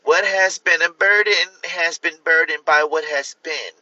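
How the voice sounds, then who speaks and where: A man's voice: on the high side, unhurried, pushed and bright, no room sound, lo-fi sound, pitched above the performer's own voice, full character voice. A man doing a comic impression of a middle-aged woman politician, delivering an earnest, rambling stump speech. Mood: solemn.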